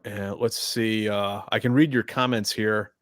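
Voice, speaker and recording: A man's voice: fairly low pitch, measured pace, no echo. Stammering American man, dry sound. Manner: relaxed, stammers and repeats words. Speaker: podcast guest, veteran and journalist. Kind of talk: casual chat.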